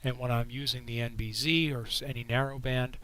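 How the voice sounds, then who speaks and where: A man hosting a casual livestream with a frog in his throat. He talks in a relaxed, rambling way and answers viewers' questions with a microphone right at his mouth. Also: mid-range voice, brisk, low-quality recording. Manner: relaxed, rambling, reading chat questions aloud. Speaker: astronomy livestream host. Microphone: microphone held right in front of his mouth.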